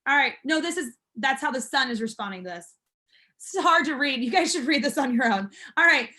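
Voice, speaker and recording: A woman's voice: high voice, animated, fairly quick, pushed and bright. A woman instructor teaching a class, explaining step by step in an upbeat, encouraging manner. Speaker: martial arts school instructor.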